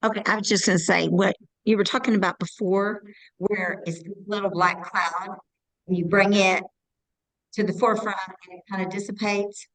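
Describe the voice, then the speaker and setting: A woman's voice: mid-range voice, fairly even intonation, moderate pace, a bit bright, poor audio. A woman on a video call in an online class, earnestly explaining her point with examples. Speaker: class participant.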